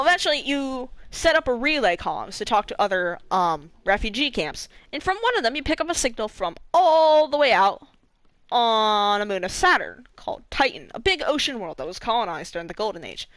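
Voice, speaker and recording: Animated young woman streamer, dry close sound. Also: a little high, normal speed, dry recording. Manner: animated, swearing, laughing asides. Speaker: gaming streamer. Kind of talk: casual story recap.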